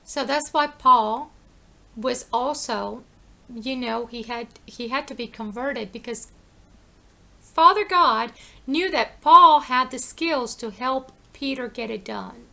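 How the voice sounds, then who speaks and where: Woman preaching an informal sermon in a high, gravelly voice. She talks in an emphatic, conversational way, posing questions and answering them herself, and repeats her phrases for weight. Her delivery is slow and deliberate, with a bright edge.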